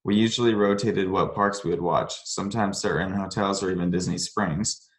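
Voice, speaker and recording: A man's voice: low-pitched, fairly even intonation, moderate pace. A man hosting a podcast, reading a listener's scary story aloud in a casual way and breaking off to comment and laugh. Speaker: podcast host. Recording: roomy echo.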